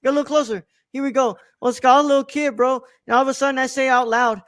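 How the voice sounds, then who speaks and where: A man's voice: very high voice, steady tone, fast, hardly any pauses, fairly bright tone, dry recording, studio quality. A man from Texas, a guest on a comedy podcast, telling stories in a slangy casual style. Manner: slangy, ends lines with "bro". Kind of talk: casual storytelling.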